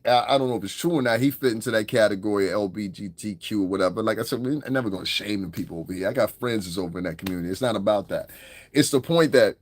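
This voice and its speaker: A man runs a loose, rambling commentary on his podcast. He speaks bluntly and swears freely, in a mid-pitched voice. The sound is close and dry, with no room around it. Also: no echo. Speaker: podcast host. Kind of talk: casual commentary monologue.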